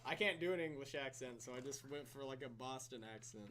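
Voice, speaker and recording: A man's voice: medium pitch, fairly quick, fairly bright tone. A young man co-hosting a podcast in casual chat with a friend, rambling, swearing, stuttering and laughing often. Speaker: podcast co-host. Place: room with a friend.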